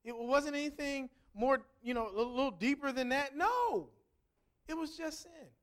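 A woman's voice: high-pitched, animated, a little slow. A woman reading a Bible passage aloud and then explaining it in an earnest, conversational sermon with emphatic repetition. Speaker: Bible teacher. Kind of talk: scripture reading and sermon commentary.

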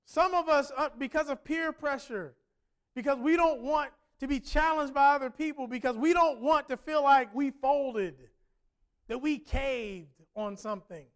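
A man's voice: extremely high pitch, unhurried. A man preaching a sermon in a conversational way, asking many rhetorical questions.

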